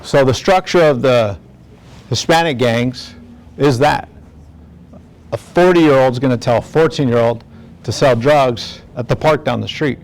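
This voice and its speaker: Middle-aged man, earnest community talk, conversational, mid-pitched voice. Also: unhurried, long pauses. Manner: earnest, conversational, asks the audience "right?". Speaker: speaker from the district attorney's office. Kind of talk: community presentation to parents.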